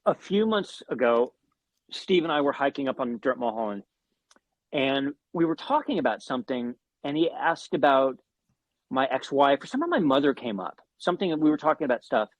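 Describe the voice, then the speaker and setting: This guest musician sounds mid-range, animated, and fairly quick, captured with no echo but poor audio quality. Chatting casually in an interview, he spins a long, meandering tale full of profanity, fillers, and restarts.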